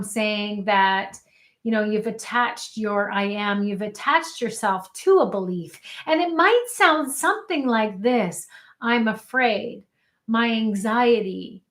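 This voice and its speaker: A woman's voice: on the high side, a bit bright. A woman life coach giving an earnest live teaching, often calling out questions to her audience. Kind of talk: live online coaching talk.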